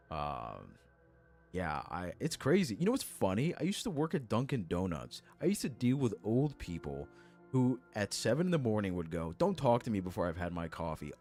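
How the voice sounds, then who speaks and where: Very deep-voiced man venting on stream. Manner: venting, exasperated, sarcastic. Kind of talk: casual chat to stream.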